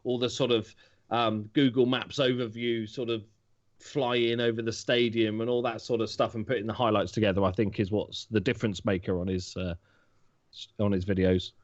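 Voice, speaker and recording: A man's voice: lowish voice, flat delivery, moderate pace, dry recording. A man who is a guest on a podcast, rambling along with plenty of fillers. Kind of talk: casual podcast chat. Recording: dull, dry lo-fi mic.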